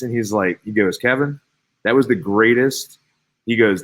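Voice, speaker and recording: Man, 30s, from Cincinnati; lowish voice, chatty interview guest, lively, stumbling restarts. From Cincinnati, Ohio. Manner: animated, chatty, many fillers and restarts. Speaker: guest, former baseball player. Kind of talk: casual interview storytelling.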